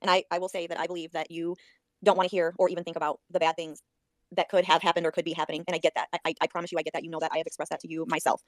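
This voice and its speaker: A woman's voice: on the low side, level tone, rapid-fire, dry recording. A woman in a group audio chat, speaking earnestly and reassuringly, repeating herself.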